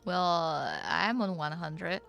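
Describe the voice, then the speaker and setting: Excitable woman game streamer, bright voice. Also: lowish voice, slow pace, gravelly, soft background music. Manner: excitable, swearing, reading chat aloud. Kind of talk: casual livestream chat.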